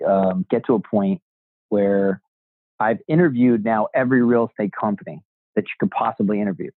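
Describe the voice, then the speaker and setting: A man's voice: lowish voice, no echo. A man, a real estate agent as a guest, telling his story in a casual interview and acting out the voices of people he quotes, swearing freely. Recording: dry, tinny phone-like sound.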